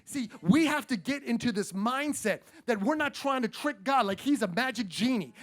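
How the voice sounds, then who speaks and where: Energetic man preaching a sermon. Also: extremely high pitch, moderate pace, hardly any pauses. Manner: energetic, emphatic, repeats phrases and calls out to the congregation. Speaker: pastor.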